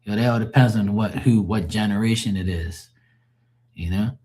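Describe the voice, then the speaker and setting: Low-voiced man rambling on a live stream. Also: normal speed, warm tone. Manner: rambling, loose and profane, often laughing. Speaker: live-stream tarot reader. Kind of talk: casual chat with live viewers.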